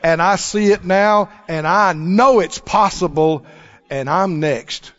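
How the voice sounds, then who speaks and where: A man preaching a sermon, emphatic and animated, often breaking into laughter. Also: high-pitched, takes it slowly. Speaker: pastor. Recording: dull lo-fi recording.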